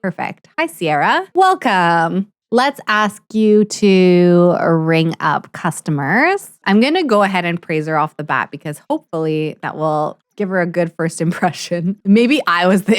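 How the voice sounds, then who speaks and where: A woman hosting a let's play, chatting excitedly through her game with quick laughs and playful mock outrage. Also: medium pitch, no echo, studio quality. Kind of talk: casual gameplay commentary.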